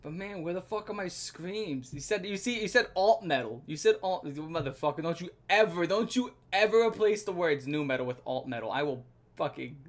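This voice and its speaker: A man's voice: high-pitched, brisk. Profane, ranting streamer man. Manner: profane, excitable ranting with bursts of laughter. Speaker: streamer reacting to an album. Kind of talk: live music reaction stream.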